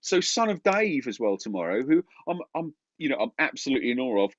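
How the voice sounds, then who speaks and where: A man's voice: mid-range voice, very animated, fast talker, muffled recording. A man with a Suffolk accent co-hosting a festival stream, bantering casually and jokingly, calling people mate. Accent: Suffolk English. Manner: jokey, laughing, chummy, calls people mate. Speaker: co-host of a harmonica festival stream.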